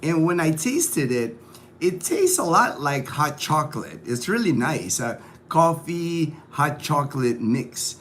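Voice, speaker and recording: A man's voice: a little high, very animated, slow, fairly bright tone, slight background noise. A man hosting a casual morning livestream, upbeat and chatty, greeting viewers by name between stories. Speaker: livestream host. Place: home in a provincial town.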